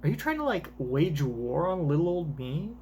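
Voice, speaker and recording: A man's voice: on the high side, sing-song, normal speed, darkish tone, a little hiss or hum. A man voicing a coy, scheming young woman scientist in a teasing, sing-song voice while reading a manga aloud in voices.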